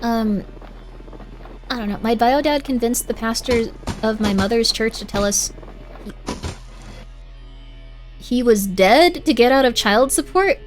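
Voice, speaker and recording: A woman's voice: on the high side, unhurried, pauses often, soft background music. A young woman streaming a game, chatting casually and sympathetically with her chat. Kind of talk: casual gameplay commentary, reading chat.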